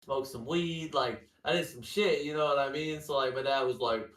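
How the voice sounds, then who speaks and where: Profane, animated man telling stories in an echoey room. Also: mid-range voice, normal speed. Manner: animated, profane storyteller full of "like" fillers. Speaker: podcast co-host. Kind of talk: casual storytelling chat. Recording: echoey room, far from the mic.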